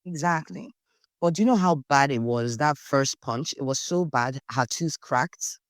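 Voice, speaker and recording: A young woman with a Nigerian accent, a podcast guest telling lively personal stories in casual conversation and acting out the voices in them. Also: extremely low pitch, a little slow, no room sound, studio quality. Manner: animated storyteller, acts out quotes, Nigerian slang. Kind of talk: storytelling in casual interview.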